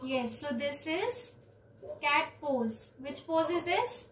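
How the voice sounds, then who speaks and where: A woman, teaching children yoga on a video call with slow, clear instructions and counting. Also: high-pitched, animated, slight background noise. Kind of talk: online yoga class for children. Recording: roomy, distant from the mic.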